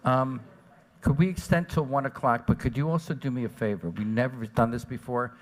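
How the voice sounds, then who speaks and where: Commissioner type: eager, interrupting, trips over his words, average pitch. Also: a little fast, low-quality recording. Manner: eager, interjecting, stumbling restarts. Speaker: city commissioner. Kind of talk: meeting discussion. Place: city commission chambers.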